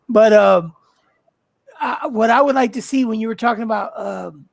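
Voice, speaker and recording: A co-host of a live drawing stream chatting casually, halting and searching for words with many fillers. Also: medium pitch, vocal fry, no echo. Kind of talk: casual livestream chat.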